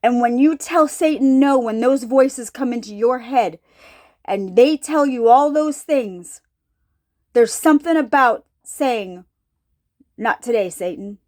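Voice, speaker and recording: A woman's voice: high voice, takes it slowly, a little mellow. A woman preaching an informal sermon, thinking aloud, often repeating herself and asking her listeners questions. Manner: searching, repeats herself, asks the audience questions.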